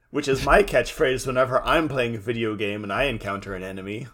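A man's voice: medium pitch, fairly even intonation, a little fast, few pauses, a bit bright. Wry man co-hosting a podcast. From Pacific Northwest, US. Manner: wry, laughs often, quotes lines. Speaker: podcast co-host. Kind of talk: casual recap chat.

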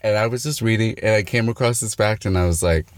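Low-voiced young dude cohosting, chill and sweary, reading off fun facts. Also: male voice, fast talker, dry recording, studio quality. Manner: laid-back, cursing, reads facts aloud. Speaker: podcast co-host. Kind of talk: casual chat.

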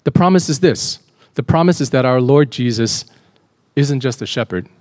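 A man's voice: medium pitch, expressive, moderate pace, darkish tone. A man preaching a sermon as a pastor, earnest, often repeating words and lifting his voice when he reads scripture aloud.

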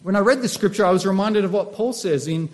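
A man's voice: sits high, quick pace, darkish tone. A middle-aged man, a pastor, preaching a sermon and asking his listeners questions as he teaches. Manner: asks the congregation rhetorical questions.

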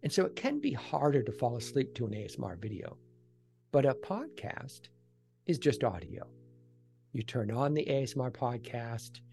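A man's voice: mid-range voice, gravelly, mellow. A man in a casual interview, explaining things patiently with everyday examples as a guest expert.

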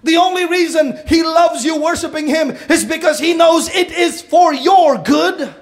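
A man preaching a sermon to his congregation, swinging between shouted fervor and hushed, intense passages. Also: extremely high pitch, a little slow. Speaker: pastor.

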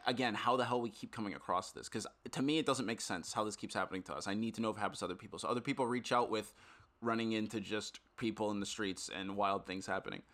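A young adult man and podcast co-host, telling a story in an animated, casual way full of fillers and swearing. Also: on the low side, fast talker.

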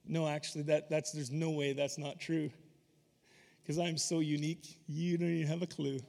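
A man preaching a sermon, animated and emphatic, slipping into voices when he retells scripture. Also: on the high side, moderate pace, creaky. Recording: long hall reverb.

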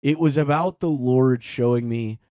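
A man's voice: medium pitch, normal speed, smooth, no room sound. A young man, a priest, telling a personal story in a casual interview, acting out the voices he quotes. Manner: animated, acts out quoted voices, frequent "like" fillers.

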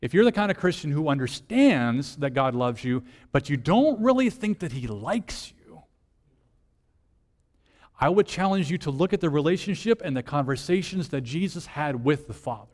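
Male lead minister, higher-pitched, casual sermon delivery that shifts from hushed to emphatic; reverberant room. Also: very animated, normal speed. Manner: conversational, rhetorical questions, swings from soft to emphatic.

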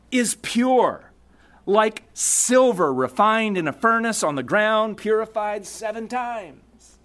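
Slow, expressive male preacher. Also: high voice. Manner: emphatic, rhetorical questions, reads scripture aloud. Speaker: pastor. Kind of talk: sermon.

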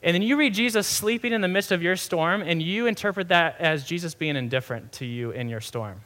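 A young man, a pastor, giving a sermon in a conversational, animated way with many asides. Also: high voice, fairly quick.

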